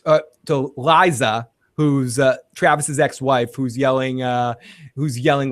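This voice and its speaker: A man's voice: mid-range voice, normal speed, no echo, clean studio sound. A man hosting a casual recap chat, retelling scenes and acting out the characters' lines. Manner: animated retelling, acts out quotes. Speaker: podcast host.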